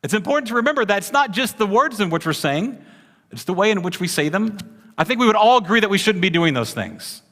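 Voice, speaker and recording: A man's voice: high voice, very animated, fast talker, fairly bright tone, big-room sound. A man preaching a sermon to a congregation, chatty and talking with the room, often checking in with "right?". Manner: conversational, frequent "right?" tag questions. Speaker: pastor.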